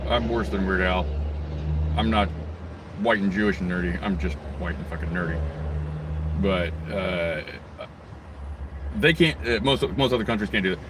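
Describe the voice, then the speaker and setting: Low-voiced man on a profane rant. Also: noisy background. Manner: angry, crude, rambling, swears constantly. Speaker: vlogger. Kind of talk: profane ranting monologue.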